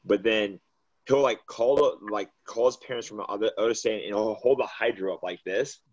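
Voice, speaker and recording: A man's voice: on the low side, a little fast, lo-fi sound. A man, a youth coach, telling stories in casual chat with sarcastic asides.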